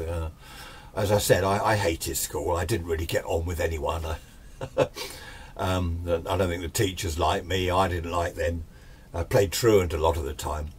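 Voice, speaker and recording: Older male storyteller, husky and low, loose rambling delivery. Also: darkish tone. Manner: rambling, chatty, self-deprecating. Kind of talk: casual spoken ghost story.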